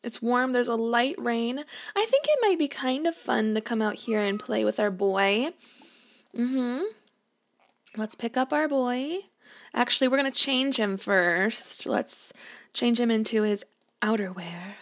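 A woman talks through her game session from home in a loose, chatty way, giggling and scolding the characters on screen. Her voice sits a little high, with a noticeable gravelly fry at the ends of phrases. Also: animated, unhurried. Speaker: gameplay streamer. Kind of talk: casual let's-play commentary. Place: home room.

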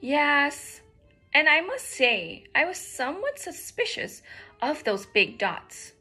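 A woman's voice: sits high, sing-song, slow, pushed and bright, faint music behind, voice pushed up, exaggerated voice. A woman voicing an earnest, solemn goose in a storybook read-aloud. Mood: agreeable.

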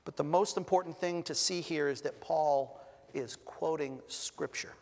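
A man preaching a sermon as pastor, stressing single words with long pauses and adding light humor. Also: a little high, darkish tone. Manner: light humor between scripture readings. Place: church sanctuary. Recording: long reverb of a church hall.

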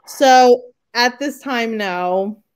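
A woman's voice: on the high side, drawn-out words, clean tone. A woman in her forties, an author chatting as an interview guest, laughing often and joking about herself with lots of fillers. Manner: laughing, self-deprecating, many fillers. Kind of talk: casual interview chat.

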